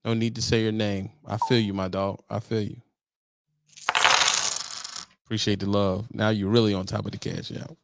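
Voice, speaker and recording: A man hosting a casual trucking livestream, talking bluntly and swearing, his voice jumping high and loud when he presses a point. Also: moderate pace, long pauses, heavy background noise. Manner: blunt, animated, swears, rises to loud high-pitched emphasis. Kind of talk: casual advice talk to viewers.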